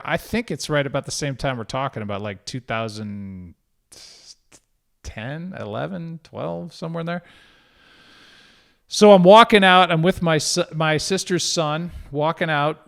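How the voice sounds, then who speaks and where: A middle-aged man, a guest broadcaster, telling a story in casual chat with a lively, self-deprecating manner. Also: on the high side, clean tone.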